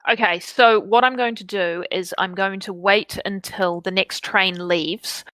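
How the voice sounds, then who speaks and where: A woman's voice: medium pitch, fairly even intonation, bright, forceful tone, no echo, low-quality recording. A woman playing a tabletop role-playing game, speaking in and out of character. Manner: unhurried, drops into in-character lines. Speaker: player.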